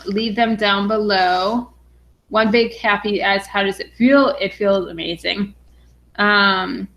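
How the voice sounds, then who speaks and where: A young adult woman from Western Massachusetts, a finance vlogger, excitedly reads viewer comments on a casual live stream. Her medium-pitched voice is bubbly, and she says "um" frequently.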